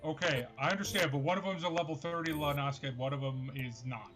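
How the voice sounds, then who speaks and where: A man's voice: a little high, fast, loud music behind the voice. A man playing a game with friends, asking puzzled questions about what he sees. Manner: puzzled questions, reads game text aloud. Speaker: stream co-player. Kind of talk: casual chat over voice call.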